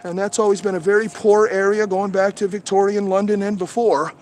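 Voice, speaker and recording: A man's voice: sits high, steady tone, fairly quick, a little mellow. A man hosting a livestream outdoors among trees, talking through a head-mounted camera in a profane, heated, rambling rant. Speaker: livestream host.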